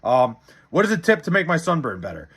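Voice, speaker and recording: A man's voice: on the high side, very animated, fairly quick, a bit bright, breathy edge. Rambling foul-mouthed New streamer guy. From Long Island, New York. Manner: profane, rambling, jokey. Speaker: livestream host reading chat. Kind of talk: casual live-stream chat.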